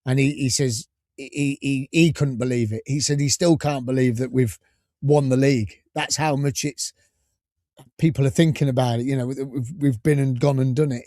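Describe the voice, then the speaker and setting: A man's voice: medium pitch, darkish tone, dry recording, clean studio sound. A man hosting a casual football fan podcast, chatty and often repeating words as he restarts his sentences. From England. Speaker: podcast host.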